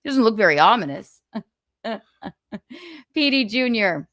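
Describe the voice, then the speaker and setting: A woman's voice: fairly high pitch, big pitch swings, unhurried, fairly bright tone, no room sound, clean studio sound. A woman hosting a livestream, ranting in casual chat, profane, indignant and mocking, laughing often. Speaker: livestream host.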